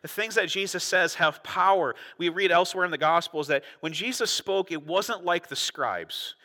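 Brief: male pastor, earnest conversational sermon, bright voice, echoing church hall. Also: high-pitched, moderate pace. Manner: earnest, conversational, frequent restarts and repetitions.

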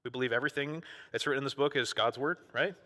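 A man preaching a sermon in a casual, conversational way, acting out quoted prayers with a rising, excited voice. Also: mid-range voice, fast talker, big-room sound. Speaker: pastor.

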